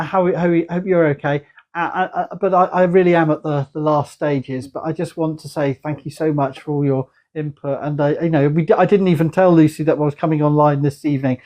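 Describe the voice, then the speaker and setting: A man's voice: fairly high pitch, darkish tone. A tired man hosting a casual online chat, rambling and restarting his sentences on a video call. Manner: rambling, halting, full of restarts. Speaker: host.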